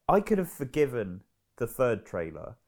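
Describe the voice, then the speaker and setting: A man co-hosting a casual film podcast, animated and swearing freely as he rants. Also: medium pitch, normal speed, a little hiss or hum. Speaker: podcast co-host.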